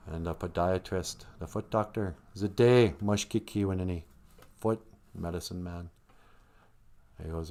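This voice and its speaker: A man's voice: low voice, unhurried, pauses often, dark tone. A man hosting a live stream, telling a wandering comedic monologue and laughing at his own jokes.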